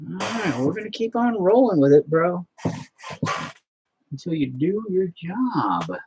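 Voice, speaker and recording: Husky, swearing young man. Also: high-pitched, very animated, a little slow, darkish tone. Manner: self-deprecating, swears constantly, talks to his painting. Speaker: painting video host. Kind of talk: casual chat while painting.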